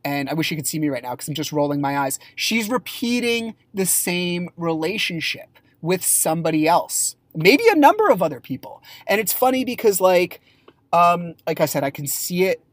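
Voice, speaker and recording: A man hosting a raw, confessional solo podcast. He speaks haltingly and with emotion, using many fillers and restarts, and is candid and sometimes blunt. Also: sits high, sing-song, no room sound. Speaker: podcast host.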